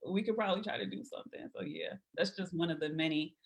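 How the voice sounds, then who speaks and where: A woman guest on a podcast tells casual, animated anecdotes, acting out the voices of the people she quotes. Her voice is on the low side and gravelly, and she speaks at a quick pace.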